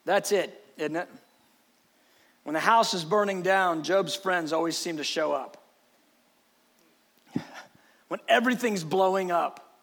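Gravelly, impassioned male preacher. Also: slow pace, pauses often. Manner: impassioned, swings between shouting and hushed, lowered speech. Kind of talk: passionate sermon.

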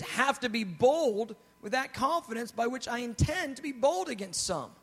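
High-voiced man preaching a sermon. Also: fairly bright tone. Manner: builds to emphatic preaching. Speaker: pastor.

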